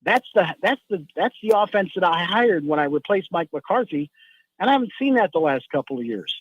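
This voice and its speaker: A man's voice: high-pitched, very animated, a little fast, no room sound, highs cut off. A man giving football analysis as a guest on a sports talk radio show, rambling and restarting often.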